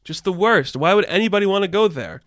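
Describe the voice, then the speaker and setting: A man's voice: sits high, animated, fast talker, fairly bright tone, dry recording. A young man hosting a podcast, ranting in a casual, profane, exasperated way, recorded on a close mic. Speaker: podcast host.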